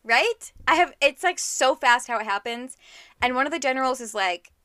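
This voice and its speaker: A woman's voice: high-pitched, moderate pace, dry recording, clean studio sound. A woman co-hosting a casual book chat, animatedly acting out what characters say. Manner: animated, acts out characters' lines. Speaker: podcast co-host.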